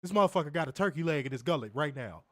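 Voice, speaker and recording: A man co-hosting a casual live stream, talking loudly and profanely and teasing his viewers. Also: on the high side, expressive, very fast, no echo, studio quality. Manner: loud, profane, teasing banter addressing viewers. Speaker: co-host of a wrestling review stream.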